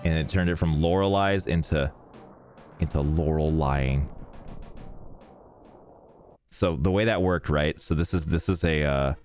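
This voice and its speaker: Very deep and a little mellow, this man's voice moves slowly with frequent pauses as he streams a game and jokes with chat in a rambling, irreverent, freely profane way. Faint music plays behind.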